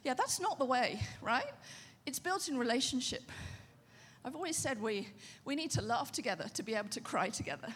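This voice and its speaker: A woman pastor preaching a sermon in a conversational, animated way, often asking the audience questions. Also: sits high, fairly quick, in a large hall.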